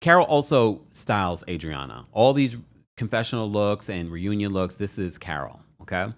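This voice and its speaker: Animated man hosting a chatty recap. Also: fairly low pitch, moderate pace. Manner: chatty, laughs often, repeats himself. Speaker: recap show host. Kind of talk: casual live recap chat.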